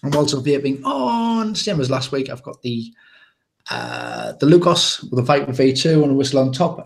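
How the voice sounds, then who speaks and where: A man's voice: medium pitch, very animated, normal speed. An English man hosting a casual live chat show, rambling and joking with plenty of restarts. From England. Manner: rambling, jokey, with many restarts. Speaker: podcast host.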